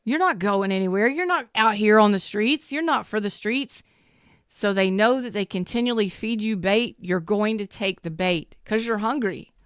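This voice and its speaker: A woman's voice: medium pitch, moderate pace, clear, resonant tone, no room sound, clean studio sound. Emphatic, repetitive woman tarot reader. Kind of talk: casual spoken tarot reading.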